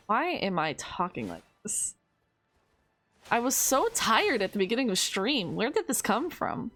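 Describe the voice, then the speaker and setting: A woman streamer giving casual, playful commentary while gaming. She swears, taunts the enemy and rambles quickly to herself. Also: fairly high pitch, wildly swooping pitch, fairly bright tone, soft background music. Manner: rambling fast self-talk.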